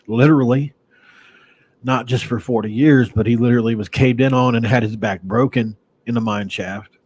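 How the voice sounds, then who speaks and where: A man's voice: medium pitch, a little mellow. A man from West Virginia hosting a casual sports podcast, rambling conversationally with sighs and restarts. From Mingo County, West Virginia, USA.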